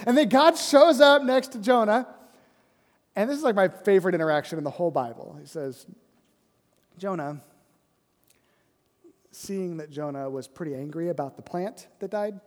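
A man preaching a sermon as pastor, conversational and often asking "right?", dropping to a soft, low voice for emphasis. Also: moderate pace, pauses often, long reverb tail.

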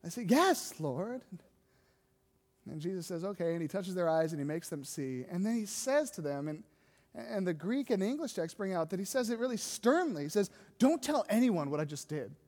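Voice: medium pitch, animated, fairly quick, darkish tone. A pastor preaching a sermon in a conversational way, often asking the congregation rhetorical questions. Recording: long hall reverb.

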